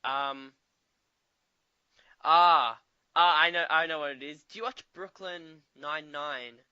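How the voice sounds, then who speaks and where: A man's voice: a little high, slow pace, bright, forceful tone, smooth, no echo. A man interviewing a guest over a video call, friendly, laughing often, with stumbling restarts. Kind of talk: casual interview chat. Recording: dry, slightly muffled call audio.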